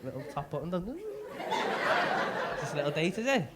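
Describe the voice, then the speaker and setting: A man's voice: a little high, very animated, a little fast. A comedian doing crowd work, cheeky and foul-mouthed. His voice swings up and down as he teases people. The live recording is noisy throughout. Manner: brash, sweary, teasing banter with audience. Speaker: stand-up comedian.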